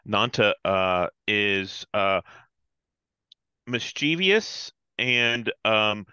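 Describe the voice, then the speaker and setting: A man's voice: mid-range voice, sharp tone, no room sound, dull audio. A man playing in a tabletop game, introducing his character hesitantly with many ums and uhs. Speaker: player.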